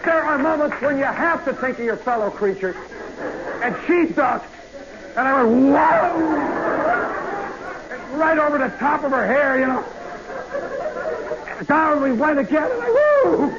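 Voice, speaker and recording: A man telling a comic story in a live radio monologue, swinging from hushed asides to loud yelps. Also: extremely high pitch, normal speed, long pauses. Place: nightclub stage. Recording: muffled vintage radio broadcast with hiss.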